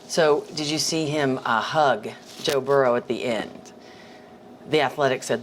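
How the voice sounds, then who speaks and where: Low-voiced chatty woman hosting a podcast. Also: normal speed, a little hiss or hum. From Spokane, Washington, USA. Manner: chatty, laughs often. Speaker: podcast host. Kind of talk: casual sports podcast chat.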